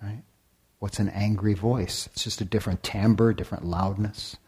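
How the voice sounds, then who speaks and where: A man giving a dharma talk as a meditation teacher. He speaks deliberately, sometimes drops to a whisper, and asks the listeners many rhetorical questions. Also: on the low side, fairly even intonation, darkish tone, husky. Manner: deliberate, with long pauses, sometimes dropping to a whisper.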